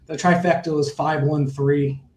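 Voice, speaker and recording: A man's voice: fairly high pitch, flat delivery, moderate pace, a little mellow, roomy sound, rough recording. A middle-aged man, a horse owner, telling stories in a casual interview, rambling with many fillers and restarts.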